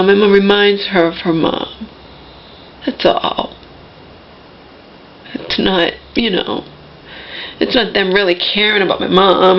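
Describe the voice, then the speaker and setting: A woman's voice: mid-range voice, highs cut off. A woman venting in an emotional personal monologue, agitated and restarting her sentences often. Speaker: vlogger.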